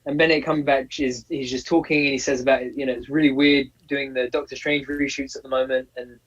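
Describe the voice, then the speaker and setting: Excitable man on a muffled call. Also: mid-range voice, fast. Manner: excitable, gushing, stumbles and repeats words. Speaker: co-host. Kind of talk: casual live-stream chat. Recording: distant, muffled call audio.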